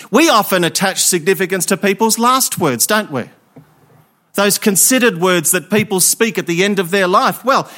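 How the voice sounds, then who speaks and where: A man's voice: sits high, fairly bright tone. A man preaching an Easter Sunday sermon, emphatic and fond of rhetorical questions.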